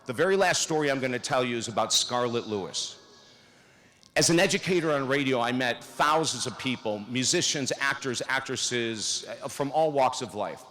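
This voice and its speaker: A man in his sixties delivers a convocation address at a podium in a large field house. He tells his own story with energy and acts out the dialogue in it. His voice sits in a middle pitch. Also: animated, moderate pace, sharp tone. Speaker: convocation speaker. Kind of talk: commencement speech.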